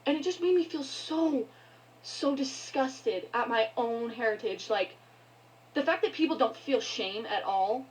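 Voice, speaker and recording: A woman's voice: on the high side, animated, poor audio. A woman ranting angrily to her viewers, swearing often and breaking off mid-sentence. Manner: angry, swearing, halting. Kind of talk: heated rant to camera.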